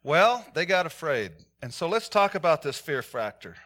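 A male pastor preaching a sermon to his church, telling stories with animation and dropping from loud calls to hushed points. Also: fairly high pitch, big pitch swings, normal speed.

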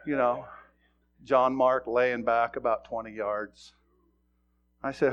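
Folksy, animated man preaching a sermon. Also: mid-range voice, slow pace, highs cut off. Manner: folksy, animated storytelling with sudden loud bursts. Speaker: pastor. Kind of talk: sermon with a personal story.

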